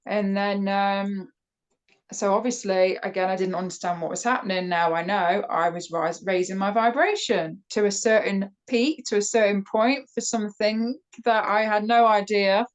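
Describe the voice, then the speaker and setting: A woman's voice: medium pitch, moderate pace, rough recording. Chatty British woman telling her story. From United Kingdom. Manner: chatty and animated, with many fillers and restarts; laughs often while telling the story. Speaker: podcast guest. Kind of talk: casual personal storytelling.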